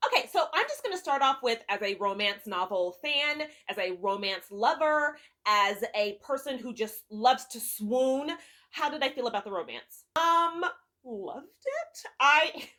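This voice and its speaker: A woman vlogger talks straight to camera in a casual review, candid and emphatic, cursing without a second thought. Her voice sits a little high and rings bright and forceful. She leans hard on her words. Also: animated, a little slow. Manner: candid, swears freely, emphatic.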